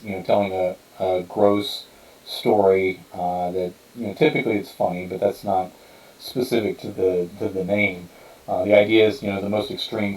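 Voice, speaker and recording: A man's voice: low voice, a little mellow, reverberant, far from the mic, low-quality recording. A man hosting a podcast in casual talk, rambling with many fillers and restarts as he explains his writing. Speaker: podcast host and author. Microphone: streamed podcast mic.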